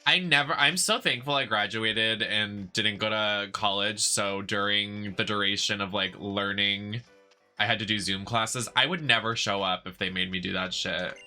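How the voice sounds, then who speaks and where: Young male streamer, sassy and emphatic, very bright tone over faint game music. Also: lowish voice, steady tone, normal speed. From United States. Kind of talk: casual chat while gaming.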